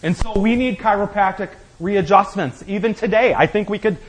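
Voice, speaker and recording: High-voiced man preaching a sermon. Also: moderate pace, rough recording. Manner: preaching with rising rhetorical questions and acted-out quotes. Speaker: pastor.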